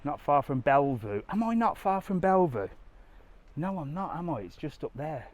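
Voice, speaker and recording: A man's voice: on the high side, big pitch swings, moderate pace, a little mellow, lo-fi sound. A middle-aged man on a live walking vlog outdoors, chatting to viewers and getting out of breath on the stairs. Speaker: travel vlogger. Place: outdoors on a hillside walk.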